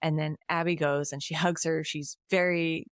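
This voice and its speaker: A woman's voice: low-pitched, normal speed, smooth, dry recording, clean studio sound. A woman podcast co-host giving a casual, chatty recap of a movie's plot, often laughing and quoting the characters. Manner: lively retelling with laughs and quoted lines.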